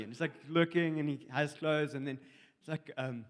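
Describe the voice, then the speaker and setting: A man's voice: on the high side, moderate pace, in a large hall. A young man sharing a dream in church, telling it in a rambling, hesitant way full of fillers. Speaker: congregation member sharing a dream. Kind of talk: personal testimony in church. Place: church hall.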